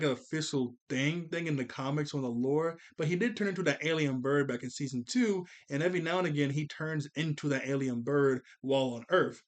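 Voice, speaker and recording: A man recapping a cartoon episode in casual, rambling talk, correcting himself and tired from a long day of recording. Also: mid-range voice. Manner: rambling, self-correcting, acts out character lines in a raised voice. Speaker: show reviewer.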